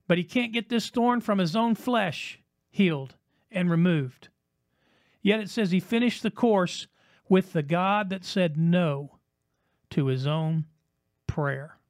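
A man preaching a broadcast sermon, with rhythmic repetition, dramatic pauses and swings between loud and hushed delivery. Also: high voice, dry recording, clean studio sound. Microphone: broadcast mic.

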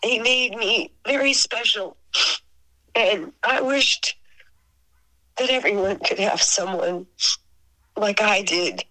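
A woman in her sixties with a Boston accent, a singer telling stories as an interview guest, sentimental and quick to laugh. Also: medium pitch, bright, forceful tone, low-quality recording. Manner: laughs often, sentimental, sarcastic wit. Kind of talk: emotional storytelling.

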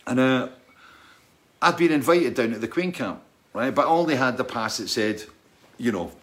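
A man tells a rambling backstage story at an ordinary pitch. He keeps tagging his sentences with "right?" and breaks into laughter as he goes. His voice sits in a middle register. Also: expressive, normal speed, fairly bright tone. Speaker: touring musician telling a story. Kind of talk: casual anecdote telling.

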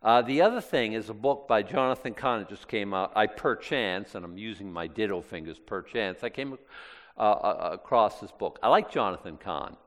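Chatty low-voiced pastor in a reverberant hall. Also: male voice, lively intonation, normal speed, a bit bright. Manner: chatty, digressive, with frequent restarts and asides. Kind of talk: conversational Bible teaching.

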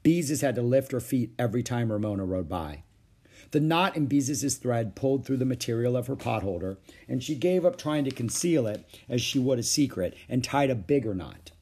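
A man reading a children's book aloud with expressive storytelling. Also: medium pitch, brisk, husky. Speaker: storybook reader.

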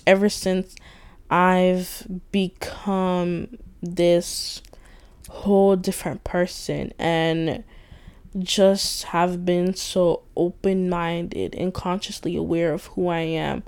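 Her voice low-ish and darkish in tone, a young woman runs a solo podcast, unloading in a late-night venting monologue. She talks candidly and meanders, with plenty of slang and cursing.

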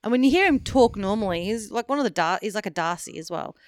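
Smooth-voiced woman co-hosting a podcast. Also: medium pitch, fast talker, dry recording, studio quality. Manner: blunt, animated, swears freely. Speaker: podcast co-host. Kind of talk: casual film review chat.

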